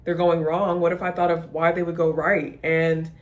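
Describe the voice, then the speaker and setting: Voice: medium pitch, little pitch movement, moderate pace. A vlogger on the verge of tears, rambling in an unscripted confessional rant full of restarts and self-questioning. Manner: soft-spoken confessional tone, near tears. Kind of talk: unscripted emotional vlog rant.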